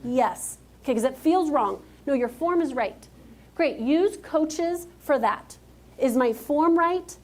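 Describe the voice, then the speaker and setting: A woman's voice: high-pitched, lively intonation, slow, a little mellow. A woman giving a motivational keynote speech on stage, talking emphatically and directly to a live audience. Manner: emphatic, direct, calls out to the crowd.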